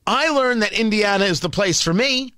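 New york guy doing morning talk radio, high bright voice, sarcastic and combative, stumbles over his words. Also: animated, normal speed, clear, resonant tone, no echo, clean studio sound.

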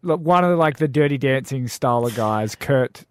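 A man's voice: mid-range voice, lively intonation, moderate pace, no room sound, clean studio sound. A man co-hosting a radio show, guessing answers in a playful, rambling way and fumbling for names. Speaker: radio co-host. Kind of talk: casual radio banter, guessing game.

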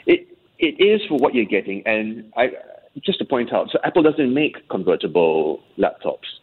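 Husky man on a tinny line. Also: on the low side, very animated, normal speed. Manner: chatty, explanatory. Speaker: tech commentator. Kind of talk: conversational tech chat on air. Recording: tinny phone-line sound.

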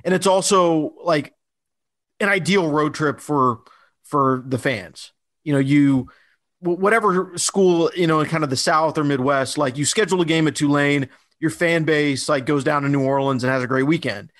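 A man's voice: on the high side, moderate pace, a bit bright. A man co-hosting a podcast in casual chat, talking loosely with many fillers and restarts. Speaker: podcast co-host.

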